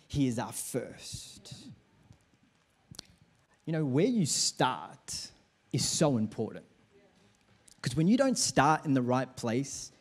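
A man's voice: a little high, darkish tone. A man preaching a sermon in church, leading the congregation in call-and-response. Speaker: pastor.

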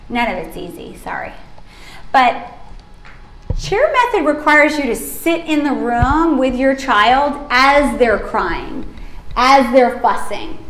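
A woman's voice: fairly high pitch, a bit bright, echoey room. A woman sleep consultant teaching a workshop, chatty and emphatic, acting out babies and parents as she explains.

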